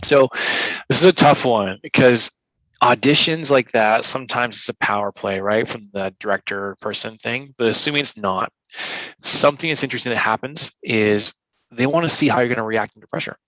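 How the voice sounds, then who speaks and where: Bright-voiced man giving coaching advice. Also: mid-range voice, moderate pace, dry recording, poor audio. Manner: energetic, acts out little scenes in quoted voices. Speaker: speaker and coach. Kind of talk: interview answers, coaching advice.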